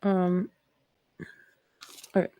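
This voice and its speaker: A woman's voice: extremely slow, dark tone, no room sound. A woman from Canada with a Canadian accent, hosting a casual livestream chat in a rambling, reflective way. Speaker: host.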